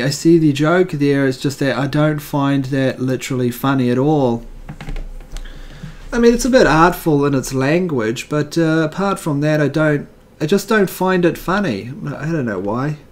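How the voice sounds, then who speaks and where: A man's voice: a little high, lively intonation, unhurried. A man hosting a casual video, reading jokes aloud and giving wry, rambling commentary with fillers.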